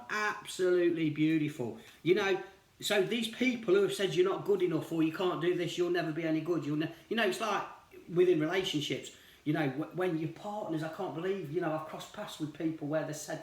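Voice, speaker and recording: A man giving a casual tarot reading to viewers, talking in a rambling, reassuring way and often saying "you know". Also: a little high. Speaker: tarot reader. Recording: roomy echo.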